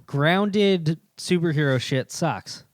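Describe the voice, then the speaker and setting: High-voiced man in dry comedy banter. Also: takes it slowly, no room sound. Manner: deadpan agreeing, many "yeah" and "like". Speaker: podcast co-host. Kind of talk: casual comedic chat.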